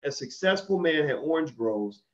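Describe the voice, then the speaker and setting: A man's voice: fairly high pitch, lively intonation, moderate pace. A man hosting an interview, speaking in a reflective, thoughtful way. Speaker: host. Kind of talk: interview talk. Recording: dull lo-fi recording.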